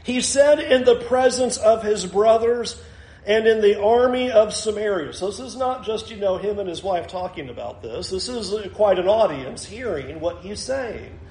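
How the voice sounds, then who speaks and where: A man's voice: sits high, expressive, normal speed, darkish tone, reverberant, poor audio. A man preaching a sermon in a conversational way, acting out the people in the story as he goes. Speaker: pastor.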